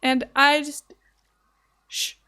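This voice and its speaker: High-voiced young woman streamer, playful. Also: level tone, very slow, bright, forceful tone. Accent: American. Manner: chatty, playful, easily flustered. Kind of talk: casual live-stream chat while gaming.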